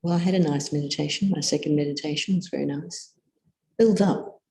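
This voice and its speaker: A host running a meditation session, inviting questions in a relaxed, chatty way in an echoing room. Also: mid-range voice, fairly quick, creaky. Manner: relaxed, chatty, laughs easily. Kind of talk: casual group facilitation. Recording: echoey room.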